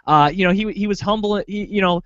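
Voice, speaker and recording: A man's voice: sits high, brisk, a bit bright, dry recording. A man co-hosting a casual sports podcast, rambling through a fight breakdown with lots of fillers. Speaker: podcast co-host. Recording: dull lo-fi dry sound.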